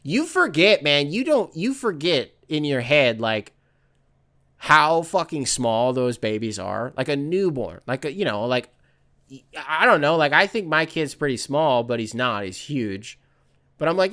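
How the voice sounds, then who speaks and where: A man's voice: on the high side, expressive, a little slow, fairly bright tone. A man hosting a podcast, chatting loosely and rambling with lots of fillers and the odd swear. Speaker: podcast host. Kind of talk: casual chat.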